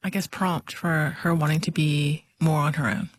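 A calm woman hosts a radio interview with a lowish, steady voice. She asks gentle, measured questions and reads the closing information evenly. The studio sound is close and dry. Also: breathy edge, dry recording. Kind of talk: broadcast interview and outro.

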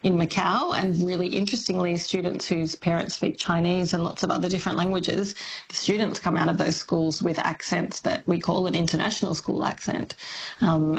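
Gravelly low-voiced woman explaining. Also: poor audio. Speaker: linguistics academic guest. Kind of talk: radio phone-in discussion.

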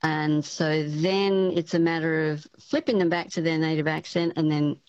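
A woman's voice: sits low, fairly even intonation, moderate pace, darkish tone, no room sound, dull audio. A woman, a speech pathology professor, explaining things in a chatty way with lots of fillers as a radio interview guest.

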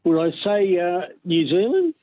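A man's voice: sits high, big pitch swings, unhurried, no echo. A man calling in to a radio quiz, casual and unsure as he guesses. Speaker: caller. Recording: tinny phone line.

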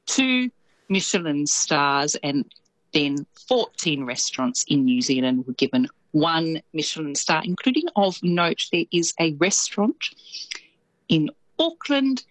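A woman with an Australian accent reporting as a radio correspondent, chatty and lively and quick to laugh. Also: low voice, no echo, poor audio. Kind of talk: casual radio chat.

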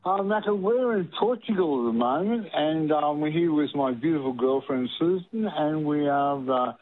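A man's voice: fairly high pitch, moderate pace, faint music behind. Cheerful man on a tinny phone line. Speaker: caller. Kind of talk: casual phone-in chat.

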